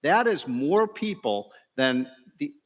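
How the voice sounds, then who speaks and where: A middle-aged economist, the keynote speaker, gives a joking, folksy after-breakfast speech to a large crowd in a banquet hall, his voice carried by a reverberant PA. He speaks slowly in a slightly high, sing-song voice, with many fillers and restarts.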